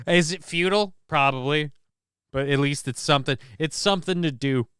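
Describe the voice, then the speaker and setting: A man hosting his own live show in casual chat, consciously pushing his voice lower than it naturally sits, rambling and poking fun at himself with lots of restarts, into a desk mic on an arm at home. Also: moderate pace, fairly bright tone, clear, resonant tone, dry recording, clean studio sound. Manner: rambling, self-mocking, with many restarts. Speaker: livestream show host.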